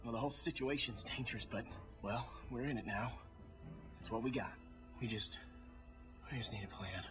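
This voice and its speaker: An actor playing a tired young man who has snuck in to help captives, talking in a hushed, urgent and hesitant way. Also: medium pitch, moderate pace, lightly acted. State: exhausted from no sleep. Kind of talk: video game voice acting. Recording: game audio with music behind.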